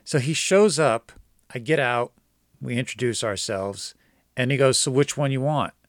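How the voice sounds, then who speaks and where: A man's voice: mid-range voice, moderate pace, no room sound, studio quality. Chatty man telling a story. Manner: animated, quotes others in dialogue, gets excited. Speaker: podcast host telling a story. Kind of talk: casual storytelling.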